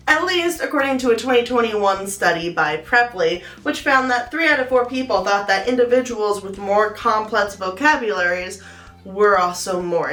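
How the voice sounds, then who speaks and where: A young adult woman giving her opinions in a casual vlog, animated and playful, with sarcastic asides. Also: medium pitch. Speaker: vlogger. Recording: echoey room.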